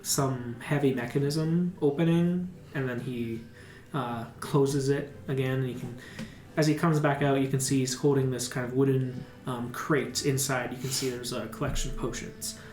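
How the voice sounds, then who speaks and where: A man's voice: mid-range voice, fairly even intonation, normal speed, hardly any pauses, a little mellow. A man running a tabletop game as dungeon master, narrating casually with plenty of fillers. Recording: roomy room, music behind.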